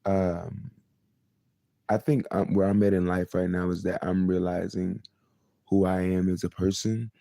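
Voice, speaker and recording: A man's voice: low-pitched, level tone, a little slow, vocal fry, warm tone, dry recording, clean studio sound. A man in his twenties hosting his own live show, talking in a rambling, repetitive monologue about himself. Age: 20s. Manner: rambling and repetitive, many fillers. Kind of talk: casual confessional monologue.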